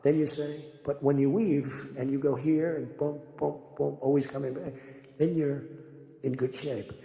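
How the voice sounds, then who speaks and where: Brief: boastful rambling male speaker, gravelly, slightly high voice, echoey hall reverb. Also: steady tone, normal speed, mellow. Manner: boastful, digressive, acts out dialogue. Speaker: public speaker at a press event. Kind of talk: rambling off-the-cuff speech.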